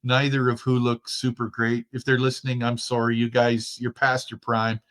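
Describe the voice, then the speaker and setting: Middle aged guy from germany, no accent, relaxed storyteller, chuckles a lot, normal pitch. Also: moderate pace. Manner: easygoing, chatty storyteller who laughs easily. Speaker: guest, outdoors expert. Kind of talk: casual interview chat.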